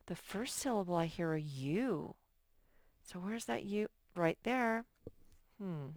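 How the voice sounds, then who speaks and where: A woman's voice: lowish voice, animated, darkish tone, no echo, studio quality. A woman teacher giving a recorded phonics lesson to young children, patient and thinking aloud as she works. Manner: slow, patient, thinks aloud while sorting words.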